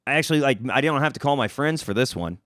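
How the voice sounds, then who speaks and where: A young man spins a comic tale as a podcast host, his pitch bouncing high and low as he goes. He rambles, restarts and swears freely. The sound is dry and close. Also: expressive, quick pace, a bit bright, no echo. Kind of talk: casual comedic storytelling.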